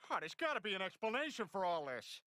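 Peter Griffin, a brash cartoon dad. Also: male voice, high-pitched, big pitch swings, fast talker, pushed and bright, no room sound, full character voice. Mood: goofy. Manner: brash, goofy outbursts. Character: loud dim-witted cartoon dad, boisterous and childish.

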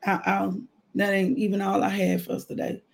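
A man's voice: sits high, normal speed, creaky. A man, preaching a casual devotional and telling his own testimony with laughter. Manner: animated storytelling testimony, frequent laughter. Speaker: minister.

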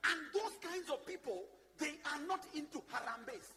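Kenyan bishop preaching, really high voice, bouncy lively pitch, shouts then goes quiet. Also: male voice, normal speed, heavy background noise. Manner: passionate, shifts from loud shouting to low asides, mixes in Swahili. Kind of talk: sermon. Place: church before a congregation.

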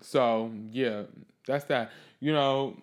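A man hosting his own podcast alone, talking off the cuff in a blunt, profane, sassy way, swinging between loud outbursts and low muttering. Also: fairly even intonation, slow pace, smooth. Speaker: podcast host. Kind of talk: solo podcast monologue, unscripted.

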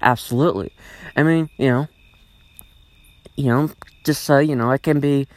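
A man rambles through a solo podcast rant, circling back on the same points and cursing freely. His voice sits at an ordinary middle pitch. The sound is close and dry, with no room echo. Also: steady tone, moderate pace. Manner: rambling, repetitive, swears often. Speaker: podcast host.

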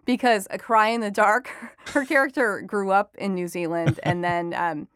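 A woman entertainment reporter talks through an interview in a lively, storytelling way and laughs often. Her pitch sits mid-range for a woman, and the sound is close and dry, with no room around it. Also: moderate pace, clear, resonant tone, dry recording. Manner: chatty, animated storytelling with frequent laughs. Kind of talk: conversational interview.

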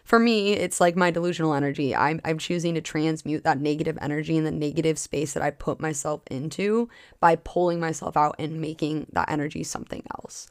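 Young female coach-host with a gravelly, fry-laden voice; passionate, loose, sweary solo talk. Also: deep voice, fairly even intonation, a little fast, few pauses, no echo, studio quality. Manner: passionate, frequent filler likes and cussing. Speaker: podcast host and spiritual coach. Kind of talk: casual solo podcast monologue.

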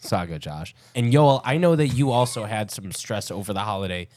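A man's voice: on the low side, animated, fairly quick, darkish tone. A man hosting a casual chat podcast, asking probing questions and steering the talk. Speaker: podcast host.

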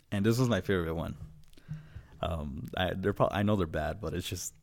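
A man's voice: sits low, normal speed. A man hosting a podcast in casual chat, rambling and profane, breaking into laughter often. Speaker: podcast host.

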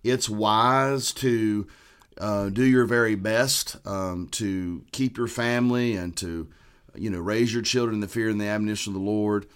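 Pastor guy, kinda low voice, earnest, quotes the bible a lot. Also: steady tone, a little slow, fairly bright tone, clean tone. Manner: earnest, scripture-quoting. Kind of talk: conversational preaching.

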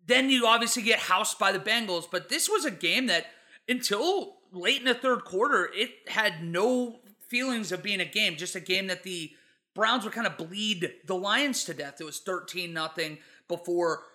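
A man with a high, strikingly bright and sharp voice talks football in a loose, chatty way. He rambles through his points like a friend retelling a game, with a pitched-up, piercing edge to every line. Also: moderate pace. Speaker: sports show co-host. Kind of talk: casual football chat.

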